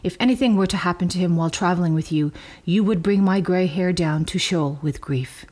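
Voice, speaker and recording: A woman's voice: lowish voice, fairly quick, darkish tone, lightly acted. A woman reading aloud as a grieving old father who protects his youngest son, in a raised, pleading tone.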